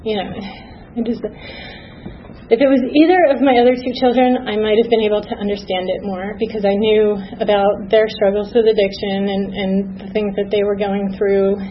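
A middle-aged woman telling a personal recovery story in an unscripted, halting way, with many pauses and fillers. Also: mid-range voice, little pitch movement, dull audio, a little hiss or hum.

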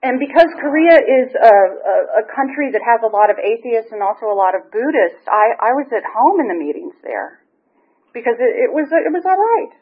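A woman's voice: on the high side, animated, fairly quick, slightly rough. A woman from the American South gives a blunt, candid, self-deprecating personal testimony about her recovery. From Southern United States. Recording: phone-like narrow sound.

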